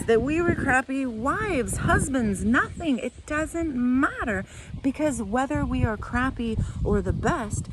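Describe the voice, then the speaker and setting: A woman's voice: on the high side, expressive, a little slow, noisy background. A middle-aged woman telling a personal story in a candid, rambling way, tearing up at times. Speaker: vlogger.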